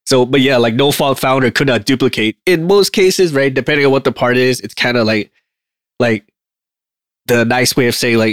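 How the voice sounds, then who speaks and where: A man's voice: medium pitch, moderate pace, dry recording, clean studio sound. A man who works as an aircraft line mechanic, chatting animatedly, swearing freely and laughing often. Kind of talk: casual shop talk.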